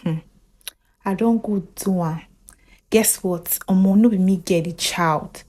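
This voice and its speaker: A Nigerian woman voicing an anxious male taxi driver who talks softly and complains. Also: medium pitch, unhurried, natural voice. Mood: grumbling.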